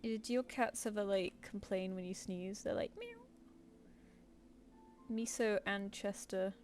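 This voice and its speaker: A woman's voice: mid-range voice, fairly even intonation, moderate pace, darkish tone, soft background music. A woman with a British accent chatting casually with viewers while she works on a live stream, rambling with lots of fillers. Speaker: streaming artist.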